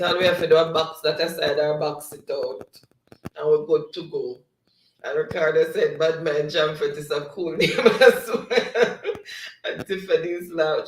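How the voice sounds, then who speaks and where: A man's voice: on the high side, distant mic, a little hiss or hum. A man with a Jamaican accent hosting a casual livestream, reading viewers' comments aloud and laughing often. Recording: echoey room, off-mic.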